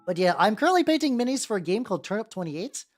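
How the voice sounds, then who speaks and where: Fast-talking and sing-song, a woman with a medium-pitched voice paints miniatures on a casual livestream over soft background music. She banters with her audience, calling out names, laughing often and swearing without restraint.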